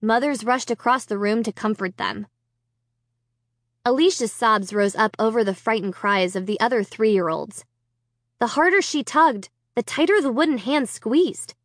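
A woman narrating an audiobook with expressive, dramatic storytelling. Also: on the high side, moderate pace, no echo, clean studio sound.

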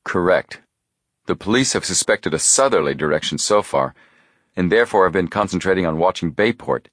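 A man voicing a calm, methodical teenage detective boy who explains his reasoning in a measured way. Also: sits low, no echo, clean studio sound.

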